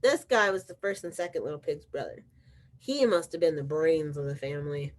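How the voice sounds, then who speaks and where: A woman's voice: sits low, fairly quick, lightly acted. A woman reading aloud as a sneezy, self-pitying male wolf telling his side of the story, with wry storybook asides.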